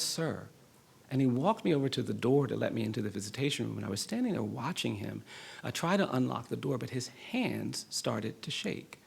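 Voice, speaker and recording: This is a middle-aged man giving a lecture in a hall, and his voice is deeply gravelly with a husky, breathy edge. He tells a personal story in an earnest, measured way and lets his emphasis swell at key moments. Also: a little mellow. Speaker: law professor and speaker.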